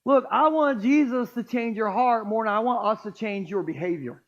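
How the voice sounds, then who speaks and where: A man's voice: sits high, normal speed, few pauses, highs cut off. A man preaching a sermon as pastor in a church, joking with the congregation. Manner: joking, playful, crowd-engaging. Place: church auditorium.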